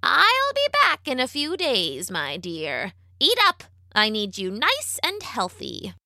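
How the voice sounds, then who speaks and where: Woman putting on an old witch, storybook, cooing, sing-song, pitched up, lively swoops. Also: slow pace, no echo, clean studio sound, exaggerated voice. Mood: mocking. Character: old bent-backed witch, possessive and cackling. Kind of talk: storybook reading.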